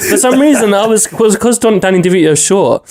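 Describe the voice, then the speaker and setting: Guy rambling on a podcast, bit high voice, lots of yeah yeah like. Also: animated, brisk, a little mellow. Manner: rambling, lots of fillers and yeahs. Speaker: podcast co-host. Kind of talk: casual chat.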